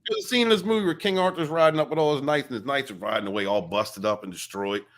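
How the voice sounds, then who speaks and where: A man hosting a casual livestream interview, greeting chat members by name in a jokey, excitable way. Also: mid-range voice, quick pace. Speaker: interview show host.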